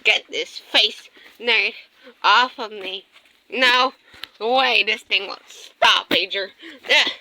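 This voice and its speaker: A woman's voice: mid-range voice, slow pace, pushed and bright. A woman voicing plush toys in a skit, screaming and gasping dramatically. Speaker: plush toy video narrator.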